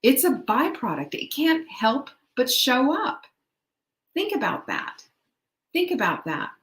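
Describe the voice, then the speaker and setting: A woman's voice: sits high, big pitch swings, slow pace, fairly bright tone. Chatty woman host in an echoey room. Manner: upbeat, chatty, lots of rhetorical questions. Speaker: podcast host. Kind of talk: motivational talk.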